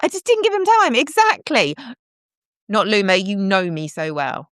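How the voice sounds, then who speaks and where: A woman's voice: mid-range voice, normal speed, no echo, studio quality. Chatty woman hosting a live stream. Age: middle-aged. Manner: bubbly, self-deprecating, animated. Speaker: livestream host.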